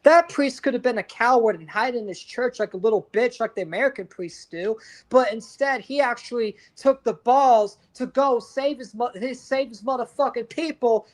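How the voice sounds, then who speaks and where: A man's voice: very high voice, moderate pace. A man co-hosting a podcast, ranting in heated, profane casual chat with frequent restarts. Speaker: podcast co-host.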